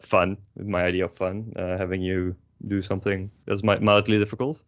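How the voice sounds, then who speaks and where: A man's voice: sits low, level tone, moderate pace. Young man teaching over a muffled call. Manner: wry, hesitant, many ums and uhs. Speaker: language teacher. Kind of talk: online class explanation. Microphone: video call. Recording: slightly muffled call audio.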